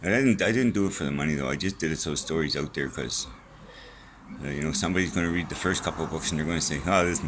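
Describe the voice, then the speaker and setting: A man's voice: a bass voice, very fast, a bit bright, a little hiss or hum, poor audio. A middle-aged man rambling casually and profanely in a vlog from a small room at home, jumping from topic to topic. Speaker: vlogger.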